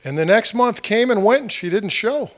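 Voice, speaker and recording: Speaking at a moderate pace in an animated, slightly bright high voice, this candidate addresses a meeting room of roughly 30 people. He tells conversational stories, performing the quoted dialogue, and puts questions straight to his listeners.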